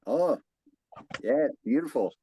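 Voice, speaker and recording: A man's voice: mid-range voice, animated, slow, noisy background. A young man hosting a casual podcast from home, upbeat and laughing often, sometimes stumbling over his words. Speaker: podcast host.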